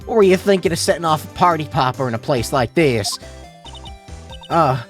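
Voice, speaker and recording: A man's voice: a little high, expressive, soft background music, lightly acted. A man streamer voicing a brash young Southern woman in a game, with a put-on Southern drawl and a folksy scolding manner. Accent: put-on American Southern drawl. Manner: sassy, folksy, quick to scold. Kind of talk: streamer reading game dialogue aloud.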